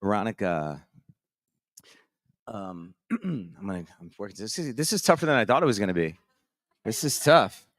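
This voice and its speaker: A man's voice: on the low side, lively intonation, normal speed, pauses often, dry recording, studio quality. A man hosting a live morning show from a conference stage, energetically calling up contestants and beatboxing rhythms for them to dance to.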